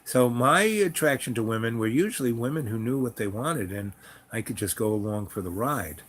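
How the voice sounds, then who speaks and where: A man's voice: medium pitch, lively intonation, normal speed, fairly bright tone. A man spinning a personal story in a casual, meandering way. His voice sits in an ordinary middle range, and he talks frankly, drifting into asides and restarts as he goes. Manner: rambling and frank, many fillers and restarts.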